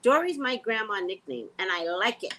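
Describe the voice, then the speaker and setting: A woman's voice: medium pitch, moderate pace, slight background noise. A woman psychic hosting her own vlog, rambling bluntly and casually. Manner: animated, blunt, sings and repeats phrases.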